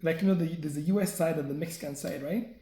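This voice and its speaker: A fairly high-voiced man tells a story straight to his viewers, chatty and loose, often tossing in a quick "right?" to check they're following. His tone is mellow and soft-edged. The sound bounces around a bare, echoey room. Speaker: vlogger. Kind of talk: casual storytelling to camera.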